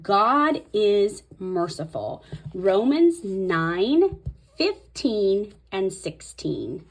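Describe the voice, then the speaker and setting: Fast-talking woman thinking aloud. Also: mid-range voice, sing-song. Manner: thinks aloud while writing, repeats words softly; fast talker. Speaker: host. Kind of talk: casual craft tutorial.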